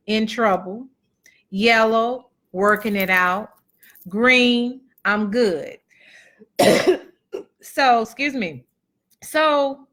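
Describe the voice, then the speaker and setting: A woman with a bright, forward voice shares a personal testimony with a live crowd. She talks in a chatty, folksy way, calls the listeners y'all and acts out the dialogue as she goes. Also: a little high. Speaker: motivational speaker and author.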